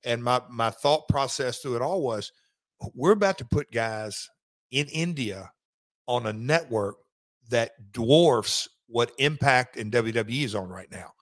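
A man's voice: mid-range voice, expressive, measured pace, no room sound. Rambling man telling a story, dry sound. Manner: rambling, full of restarts and asides. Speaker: wrestling executive guest. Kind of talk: casual interview storytelling.

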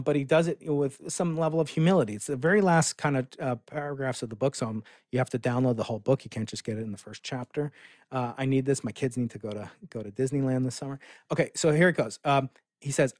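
A middle-aged man chats as a podcast guest with lively, eager storytelling that is full of restarts and little fillers. His voice sits at an ordinary pitch for a man. It is recorded close and dry, with no room sound. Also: no room sound. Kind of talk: casual podcast conversation.

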